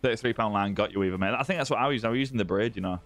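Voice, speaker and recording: A man's voice: on the low side, racing, fairly bright tone, soft background music. A man hosting a live gaming stream, chatting casually with viewers and greeting them by name. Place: indoor room with ring light.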